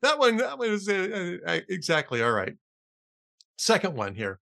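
A man's voice: sits high, wildly swooping pitch, moderate pace, gravelly, pushed and bright, no echo, studio quality. A man hosting a radio talk show, chatting casually and telling jokes. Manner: chatty, tells jokes with shifting voices.

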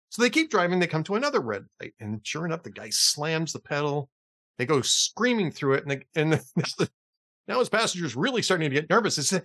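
A man's voice: on the high side, big pitch swings, brisk, fairly bright tone. A man hosting a podcast in casual chat, telling jokes and chuckling as he reads. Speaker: podcast host.

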